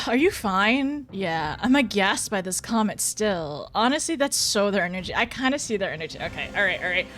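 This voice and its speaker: A woman's voice: medium pitch, a bit bright. A young woman streaming a game, chatting casually with her viewers, flustered and often laughing. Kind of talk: casual live-stream chat while gaming.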